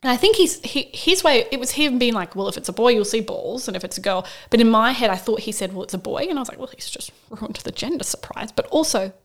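A woman's voice: a little high, animated, fast talker, few pauses. Candid woman telling her birth story. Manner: candid, storytelling, quotes herself with bursts of emotion. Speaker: podcast co-host sharing her birth story. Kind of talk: casual chat.

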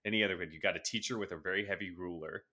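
Here a podcast co-host reads out news stories during a casual conversation, adding dry, sarcastic remarks. He talks in rapid-fire fashion with a low voice whose tone is bright and forceful.

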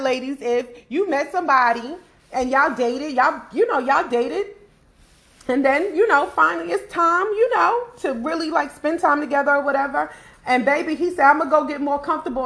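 Brief: woman podcast host, high voice, animated, playful banter. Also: moderate pace, vocal fry. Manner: animated, laughing, talking to listeners. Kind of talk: casual chat.

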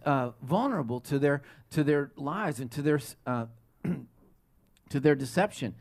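Man preaching with a higher voice. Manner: conversational preaching with frequent restarts and rhetorical questions. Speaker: pastor. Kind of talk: sermon.

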